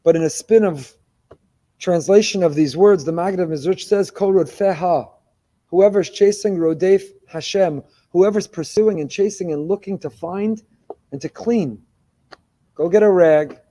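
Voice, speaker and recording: Impassioned rabbi preaching, mellow voice. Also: male voice, sits high. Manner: impassioned, repetitive rhetorical build-ups. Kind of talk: sermon.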